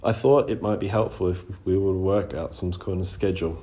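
Calm, measured middle-aged woman guardian, read by a man with a low, warm voice. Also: natural voice. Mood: gentle.

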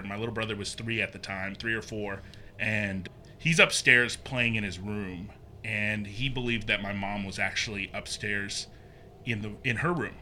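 A young man casually telling a ghost story, animated and acting out the quotes. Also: a little hiss or hum. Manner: animated, acts out quotes with pitch jumps.

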